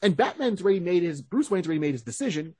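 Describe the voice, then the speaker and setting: A man's voice: high voice, sing-song, racing, darkish tone, breathy edge, no echo. A man in casual podcast chat, animatedly retelling cartoon scenes and briefly acting out the characters.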